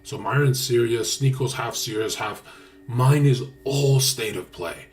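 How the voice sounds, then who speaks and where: A man's voice: mid-range voice, a little slow, soft background music. Brash profane man streaming live. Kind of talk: casual livestream talk.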